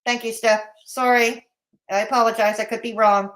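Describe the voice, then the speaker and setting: A woman's voice: on the high side, flat delivery, normal speed, a bit bright. A woman hosting a live commentary stream, blunt and mocking in tone, with a Canadian accent. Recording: roomy echo.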